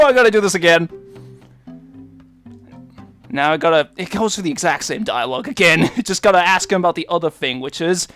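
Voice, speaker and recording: A man's voice: a little high, animated, fairly quick, long pauses, a bit bright, faint music behind. Joking, chatty gamer man. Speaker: let's play host. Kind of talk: let's play commentary.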